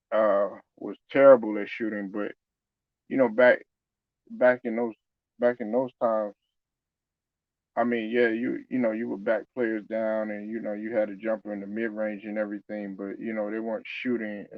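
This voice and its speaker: A man's voice: on the low side, flat delivery, normal speed, no echo, narrow, tinny audio. A man talking casually about basketball, loose and conversational, with many fillers and restarts. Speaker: sports commentator. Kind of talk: casual basketball opinion talk.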